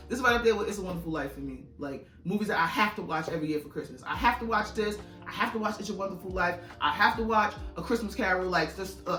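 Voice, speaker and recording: In a casual vlog, a YouTuber chats about her DVD haul, rambling, cursing freely, and describing herself as a yapper. Her voice is medium-pitched with a fairly bright tone. The echoey room, faint music, and distant, slightly off-mic placement shape the sound.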